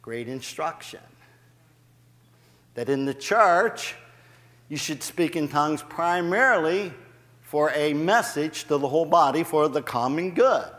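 A man preaching in a church sanctuary, his fairly high voice carrying into a long reverb. He is animated, rising in volume as he gets going and laughing at himself. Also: a little slow, pauses often. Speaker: guest preacher. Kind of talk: sermon.

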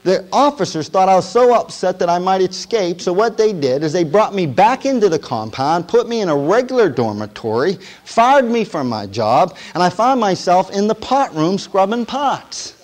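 A man preaching his testimony as a story, speaking with a somewhat high voice. He draws the congregation in with questions and moves between soft, hushed stretches and loud, emotional bursts. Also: expressive, fairly quick, rough recording. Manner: storytelling, asks the audience questions; swings from quiet to loud and emotional. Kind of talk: sermon testimony.

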